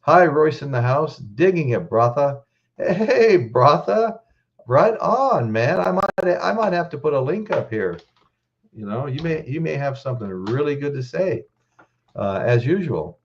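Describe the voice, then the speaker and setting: A man's voice: on the high side, sing-song, unhurried, highs cut off. A man hosting a casual live stream, choked up, greeting viewers in the chat by name and often restarting his sentences.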